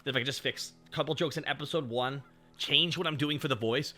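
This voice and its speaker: A man's voice: mid-range voice, fairly quick, bright, forceful tone. A man chatting casually and joking with profanity while he streams a game. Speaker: VTuber streamer.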